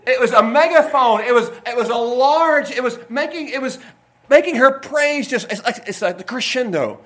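High, bright-voiced folksy pastor. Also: male voice, lively intonation, moderate pace. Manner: folksy, rambling asides with sudden loud bursts. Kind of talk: sermon. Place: church sanctuary.

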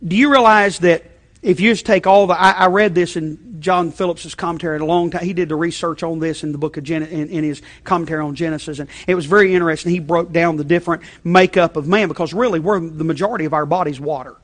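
A male pastor delivers a sermon in a chatty, conversational manner, often checking in with his listeners. His voice sits high for a man, and he swings from loud emphasis to low, quiet asides, with frequent restarts. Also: fairly even intonation, fast talker.

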